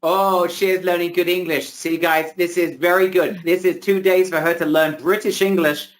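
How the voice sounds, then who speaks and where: A man's voice: high-pitched, normal speed, rough recording. Hyped male webinar host selling hard. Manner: energetic, salesy, repeats himself. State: losing his voice. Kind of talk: hyped live sales pitch. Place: home, indoors.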